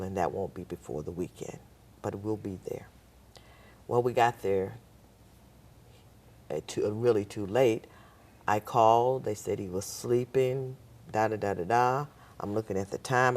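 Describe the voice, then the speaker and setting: A woman's voice: extremely low pitch, darkish tone. An older woman, a guest on a talk show, telling a personal story and acting out the voices of the people in it.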